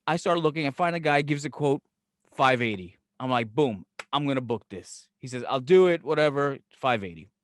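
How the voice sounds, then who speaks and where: A man's voice: a little high, a little fast, few pauses. A man with a New York accent, co-hosting a podcast, animatedly telling profane stories and acting out other people's lines. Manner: animated storyteller, acts out quotes, profane, laughs often. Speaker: podcast co-host. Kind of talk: casual podcast banter.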